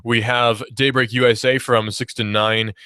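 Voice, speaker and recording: A man's voice: medium pitch, level tone, normal speed, pushed and bright, clean tone, dry recording, clean studio sound. Chatty male radio talk host. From Georgia, US. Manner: chatty, self-deprecating asides. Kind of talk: casual radio talk and news reading. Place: radio studio. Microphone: studio microphone.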